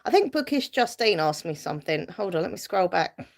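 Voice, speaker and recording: A woman's voice: fairly low pitch, big pitch swings, a little fast, gravelly. A woman casually chatting on a live stream, reading viewer comments aloud and answering them, rambling with fillers and light laughs. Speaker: YouTuber hosting a live stream.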